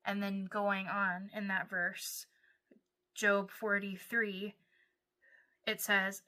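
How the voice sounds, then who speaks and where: A woman's voice: medium pitch, little pitch movement, very slow, pauses often, bright, forceful tone. A woman giving a devotional Bible teaching in an earnest way, sometimes voicing prayers and scripture aloud.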